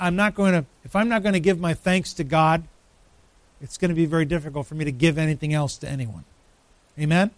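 A man preaching a sermon, emphatic, with dramatic pauses, rising lines and sudden drops to a hush. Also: a little high, dry recording. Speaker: pastor.

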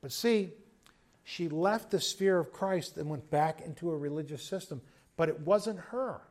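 A man, a pastor telling a story in a conversational sermon, moving between loud emphasis and quiet asides. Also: on the high side, measured pace. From United States.

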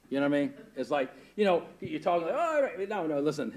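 Older male pastor, higher voice, lively storyteller who repeats himself and checks in with "right?". Roomy, noisy room sound. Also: fast. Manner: lively, emphatic, repeats words and asks "right?". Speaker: pastor and missionary guest. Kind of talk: animated storytelling testimony. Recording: roomy with audible background noise.

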